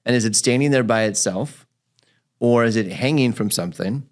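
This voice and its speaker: Hosting a physical therapy podcast, a man at medium pitch and moderate pace tells a patient story in casual chat. He's an animated storyteller who acts out his patient's lines.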